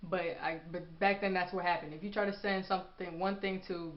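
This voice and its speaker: A young woman telling a personal story in a casual vlog, animated and sassy as she acts out what people said. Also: on the low side, brisk. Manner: animated, acts out quotes with sass. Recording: echoey room, dull lo-fi sound.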